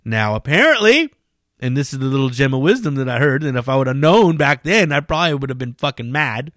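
Man, podcast host, solo chat, profane, excitable, rambling, bright tone, dry close sound. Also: mid-range voice, brisk, dry recording. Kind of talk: casual solo podcast monologue.

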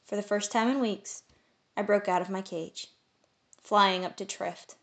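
Woman reading a fairy story out loud, steady mid voice, expressive. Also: mid-range voice, unhurried. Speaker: audiobook narrator. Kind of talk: first-person fantasy story narration.

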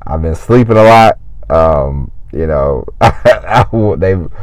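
A man with a very deep voice hosts his own podcast from his car in a parking lot, rambling in a chatty, folksy way and constantly restarting. He's animated but slow, and the recording is rough with no echo.

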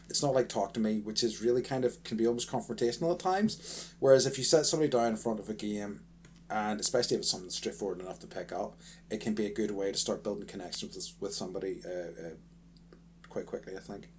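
A man's voice: fairly low pitch, fast talker, a little mellow, a little hiss or hum. Rambling, laughing male podcast co-host. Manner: rambling, self-correcting, laughs often. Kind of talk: casual podcast chat.

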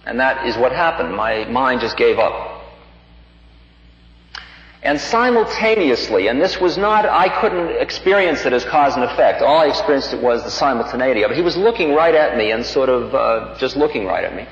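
A man giving a spiritual talk, telling a personal story in an unhurried, reflective way and livening up the quoted lines. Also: medium pitch, sing-song, a bit bright. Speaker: spiritual teacher. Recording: dull lo-fi recording in a reverberant hall.

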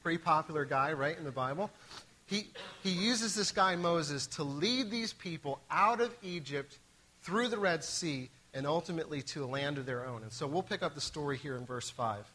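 Bright-voiced man giving a sermon. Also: fairly high pitch, lively intonation, normal speed, slight background noise, rough recording. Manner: conversational, with frequent restarts and asides. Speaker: pastor. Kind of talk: sermon with scripture reading.

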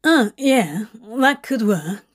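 Guarded young man, curt, cautious, slow, slightly high, read by a woman. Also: expressive.

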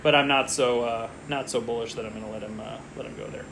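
A man's voice: mid-range voice, steady tone, fast, creaky, noisy background. A man co-hosting a casual podcast, chatting and rambling as he follows a fantasy football draft and gets distracted mid-story. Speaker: podcast co-host.

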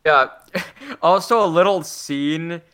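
A man talks through a podcast review in casual chat, stumbling and restarting his sentences. His voice is bright and crisp. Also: on the high side, takes it slowly. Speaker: podcast co-host reviewing cartoon episodes.

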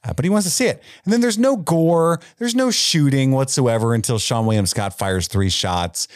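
A man's voice: mid-range voice, moderate pace, no echo, clean studio sound. A man co-hosting a podcast, telling a story and recapping a film in casual chat, acting out quotes as he goes. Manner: animated storytelling, acts out quotes. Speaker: podcast co-host.

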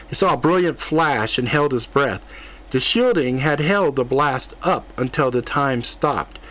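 A man narrating a fantasy audiobook in a steady, even reading voice. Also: mid-range voice, unhurried.

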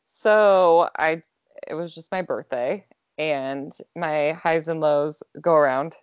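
A woman's voice: deep voice, takes it slowly, clear, resonant tone, no echo, dull audio. A young woman telling a personal story in a casual chat, chatty and full of filler words, laughing often.

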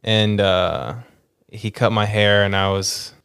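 A young man co-hosting a casual podcast, his voice smooth and resonant. He rambles through stories in a laid-back way, often restarting his sentences. The sound is dry and close, with little room echo. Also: lowish voice, fairly even intonation, slow pace, fairly bright tone. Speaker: podcast co-host. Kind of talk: casual chat.

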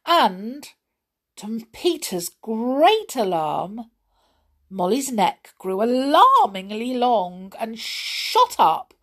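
A woman reading a children's storybook aloud, in a gentle, expressive read-aloud tone. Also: medium pitch.

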